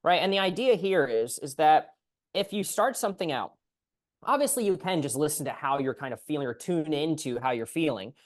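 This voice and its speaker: Animated male physical therapist coaching. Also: on the high side, fairly quick. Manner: animated, acts out client voices. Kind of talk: coaching call advice.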